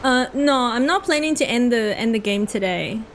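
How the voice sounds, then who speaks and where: A woman's voice: a little high, animated, normal speed, a little hiss or hum. A young Australian woman with an Australian accent, chatting casually with her viewers while she plays a game on stream. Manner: chatty, answering chat while playing. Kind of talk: casual gameplay commentary.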